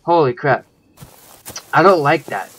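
A man's voice: fairly high pitch, lively intonation, measured pace, fairly bright tone, husky. A man giving let's play commentary, thinking aloud and swearing when startled. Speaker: gaming channel host.

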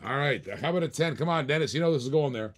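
A man's voice: fairly high pitch, rapid-fire. A man hosting a live toy car auction, joking and urging bidders on, a little short of breath.

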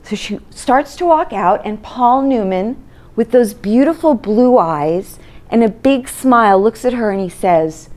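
A woman's voice: fairly high pitch, a little slow. A woman presentation coach giving a short storytelling talk to an audience, acting out the voices of people in her story. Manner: lively storyteller, acts out voices in quotes.

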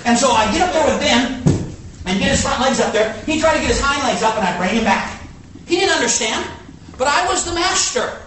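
A man preaches with a high, lively voice that leaps between hushed low asides and bright exclaims, spinning a folksy story. He sounds far from the mic, and the big church hall rings around him with a faint hiss underneath. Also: fairly quick. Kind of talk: sermon with storytelling.

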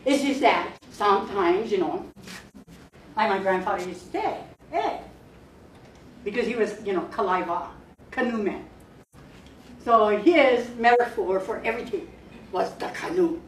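A woman's voice: mid-range voice, moderate pace, slight background noise. A woman from Hawaii with a Hawaiian Pidgin-tinged accent, a spiritual teacher leading an informal workshop talk in a chatty, playful way, laughing often and mixing in Hawaiian words. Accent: Hawaiian Pidgin-tinged English. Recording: echoey room, distant mic, faint ambience.

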